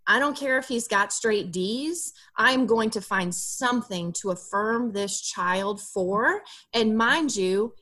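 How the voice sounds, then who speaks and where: A woman with a bright, forceful voice explains therapeutic parenting in a relaxed podcast interview. She talks expressively and slips into a soft, gentle tone when she acts out what a parent might say to a child. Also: mid-range voice, slow pace, hardly any pauses. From Alabama, USA. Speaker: guest therapist.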